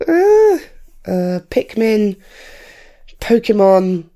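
Chatty north london lady, english accent, rough gravelly voice, mellow low tone, rambles and jokes at herself. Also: very animated. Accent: English, drifted from North London. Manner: rambling, self-deprecating, quick asides. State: rough, off-colour voice. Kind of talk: casual chatty monologue. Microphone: home recording setup.

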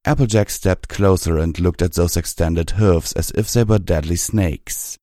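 A man reading fan fiction aloud in a measured, even storytelling manner. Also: low-pitched, dry recording, clean studio sound. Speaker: audiobook reader.

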